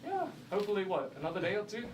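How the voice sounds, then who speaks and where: Brief: actor as laid-back caving buddy, higher voice, heard far off under loud noise. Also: male voice, big pitch swings, rapid-fire. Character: easygoing male digging partner.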